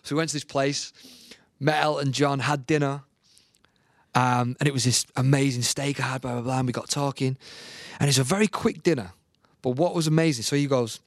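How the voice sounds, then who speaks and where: A man with a gravelly voice tells his story in a lively, casual way, jumping up high whenever he imitates other people. The sound is close and dry. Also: a little fast, dry recording. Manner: animated, mimics voices with big pitch jumps. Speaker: podcast guest.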